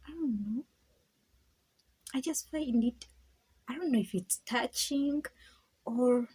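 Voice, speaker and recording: A woman's voice: sits high, expressive, takes it slowly, long pauses, darkish tone, rough recording. A woman talking casually and reflectively to her viewers, rambling, stammering, laughing often and dropping into whispers. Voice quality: very breathy, husky. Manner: drops into whispers. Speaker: vlogger.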